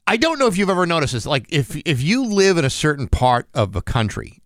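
A man's voice: fairly high pitch, big pitch swings, a little fast, dry recording, clean studio sound. A man from New England hosting a morning radio show, bantering casually and joking with his co-host.

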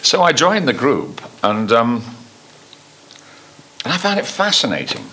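An older man telling stories from his life to an audience, halting and full of restarts. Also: mid-range voice, huge pitch swings, pushed and bright. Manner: halting, full of restarts and ums, acts out quoted voices. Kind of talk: anecdotal storytelling.

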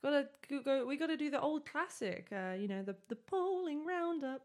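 A woman with a fairly high voice co-hosting a casual podcast. Her pitch swings widely as she chats. She reacts quickly and throws in playful jokes. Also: animated. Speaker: podcast co-host. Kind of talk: casual chat.

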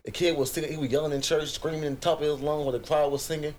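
A young American man with a Virginia accent, co-hosting a crude comedy podcast, telling stories in an animated, profane rant. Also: on the high side, racing, slight background noise. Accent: US Southern, Virginia. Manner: profane, animated storytelling with outbursts. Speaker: podcast co-host.

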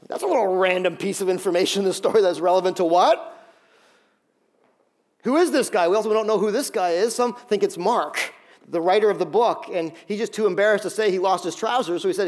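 A middle-aged male pastor giving an animated sermon, acting out scenes with quick voices. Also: high-pitched.

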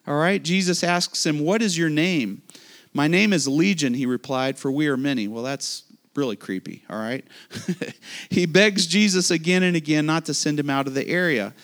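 A man preaching a sermon, animated and speaking directly to his listeners. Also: fairly high pitch. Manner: animated preaching with asides to the audience. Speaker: pastor.

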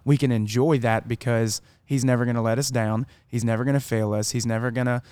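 A man's voice: mid-range voice, steady tone, fairly quick, a little mellow, clean tone, no echo. A man talking earnestly about faith in casual podcast chat. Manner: laughing, earnest.

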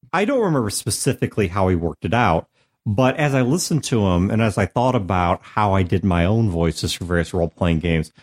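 Lively low-voiced male podcast host. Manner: thoughtful, explanatory, lively intonation. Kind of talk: casual explanatory chat. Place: recording studio.

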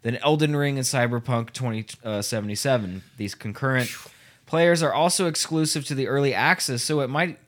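A man's voice: mid-range voice, fairly quick. Casual man reading news aloud. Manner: loose, laughing, stumbling over words. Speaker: podcast host.

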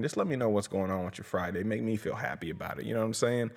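A man's voice: on the low side, fast talker, few pauses. A young man hosting a comedy podcast, rambling through profane, jokey plugs for his shows. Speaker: podcast host and comedy promoter. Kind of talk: casual comedic rant.

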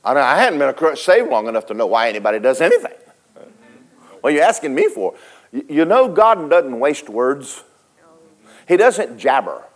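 A man preaching a sermon, telling a story dramatically, switching between loud and hushed and talking straight to the congregation. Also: medium pitch, big pitch swings, moderate pace. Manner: folksy, speaks to the congregation directly.

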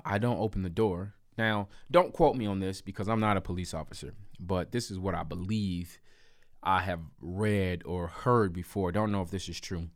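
Man, very deep voice, casual storytelling, emphatic, dry close sound. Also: no room sound. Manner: animated, emphatic, repetitive asides. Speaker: storyteller vlogger. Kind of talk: casual first-person storytelling.

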